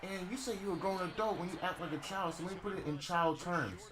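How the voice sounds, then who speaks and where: Young male streamer, somewhat high voice, slangy and teasing, game crowd roaring behind. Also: quick pace. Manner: mocking, slangy, addressing chat. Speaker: gaming streamer. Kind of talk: casual live-stream talk. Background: game crowd noise.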